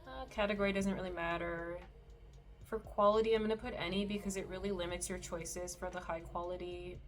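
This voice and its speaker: A woman hosting a screen-recorded tutorial, explaining settings in a relaxed, explanatory way with the odd soft laugh. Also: mid-range voice. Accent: Canadian. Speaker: meditation creator and tutorial host.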